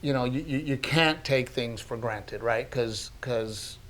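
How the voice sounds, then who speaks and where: A man co-hosting a podcast, telling stories in a casual, animated way that is full of laughs and swearing. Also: mid-range voice, unhurried. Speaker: podcast co-host, comedian. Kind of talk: casual storytelling chat.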